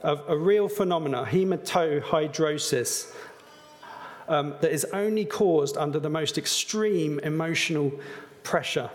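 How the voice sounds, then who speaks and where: A man's voice: a little high, measured pace, long pauses, long reverb tail. A man preaching a sermon in an earnest, conversational way, with some fillers. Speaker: pastor.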